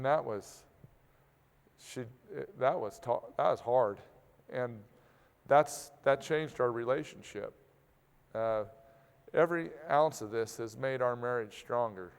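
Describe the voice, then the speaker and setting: Slow, gravelly man in a reverberant hall. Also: mid-range voice. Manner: open, plainspoken, halting with restarts. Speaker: agricultural producer speaking to an audience. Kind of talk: candid personal talk.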